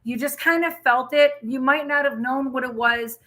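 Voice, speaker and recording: A young woman talks through a tarot reading for her viewers in a loose, rambling way, full of fillers and quick feeling. Her voice is bright and sits a little high. She sounds chatty and emotional. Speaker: tarot reader.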